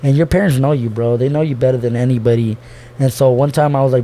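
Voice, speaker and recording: A young man on a podcast talks loosely and emotionally about his family in a casual, heartfelt conversation, saying "bro" constantly, swearing, and restarting sentences. His medium-pitched voice is warm, with fairly even intonation and a quick pace. There's a little hiss or hum.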